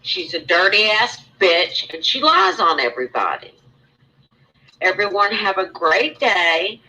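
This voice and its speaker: A woman's voice: medium pitch, big pitch swings, unhurried, sharp tone, low-quality recording. A woman hosting a casual livestream, rambling and aggrieved as she talks through her grievances and greets chat viewers by name. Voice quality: rambling, repeats and restarts. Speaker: livestream host.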